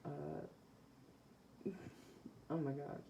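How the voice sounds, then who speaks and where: A woman's voice: deep voice, fairly even intonation, drawn-out words, gravelly, noisy background. A woman giving a casual, rambling psychic tarot reading to her viewers, with many fillers. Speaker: tarot reader.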